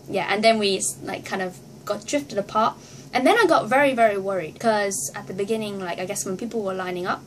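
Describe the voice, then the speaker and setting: A woman vlogger telling a story to camera in a casual, excitable way, acting out her reactions and laughing often. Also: medium pitch, slight background noise.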